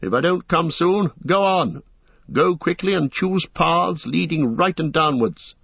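A man's voice: on the high side, lively intonation, a little slow, gravelly, breathy edge, dry recording, lo-fi sound, pitched above the performer's own voice, heavily acted. A man doing a fierce old wizard. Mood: commanding. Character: commanding old male wizard, urgent and fierce.

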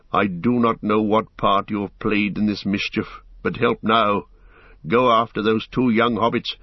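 A grave, commanding ranger leader, as a male reader voices him, low and steady. The voice is husky and dry, sitting close with a slightly dull tone. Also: dry recording.

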